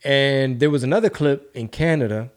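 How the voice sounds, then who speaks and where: A man's voice: medium pitch, normal speed. A man co-hosting a casual podcast, swearing freely and telling stories with energy, dropping in Spanish words. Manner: profane, animated storytelling, slips into Spanish words. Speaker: podcast co-host.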